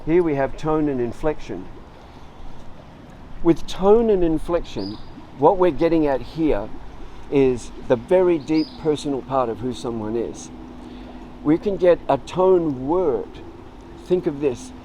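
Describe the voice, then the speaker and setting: A middle-aged man teaching a writing tutorial in a relaxed, informal way, explaining word origins and acting out short lines of example dialogue. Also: a little high, measured pace, long pauses, slight background noise, low-quality recording.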